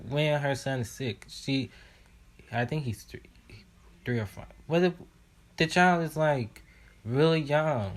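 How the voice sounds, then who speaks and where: Slow-talking man reacting indignantly. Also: medium pitch. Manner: indignant, talking back at the screen with many "like"s. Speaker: reaction video host. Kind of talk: casual reaction commentary.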